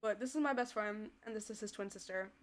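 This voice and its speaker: A woman's voice: mid-range voice, quick pace. A woman streaming a game live, chatting casually with her chat and giggling often. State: voice tiring. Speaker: VTuber streamer.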